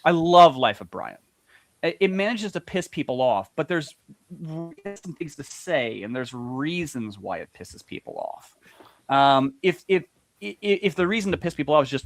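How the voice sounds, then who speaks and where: Man, stammering, restarts often, casual panel chat, lively voice, dry sound. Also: a little high, moderate pace, no room sound. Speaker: podcast co-host.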